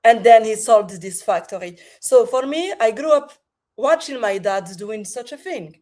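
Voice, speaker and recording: French-accented woman, halting and thoughtful. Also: fairly high pitch, animated, darkish tone. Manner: hesitant, many fillers and restarts. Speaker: podcast guest. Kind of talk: remote interview.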